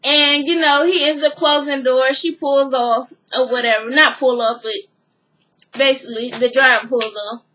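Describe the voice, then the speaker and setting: High, bright-voiced woman recapping. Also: fairly even intonation, normal speed, poor audio. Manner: rambling, many "you know" and "or whatever" fillers. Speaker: reality TV recapper. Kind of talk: casual episode recap.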